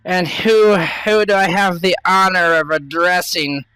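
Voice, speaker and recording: Brief: proud defiant nobleman, voiced by a male player, haughty, unhurried. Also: high-pitched, sharp tone, clear, resonant tone, no room sound, pitched above the performer's own voice, poor audio.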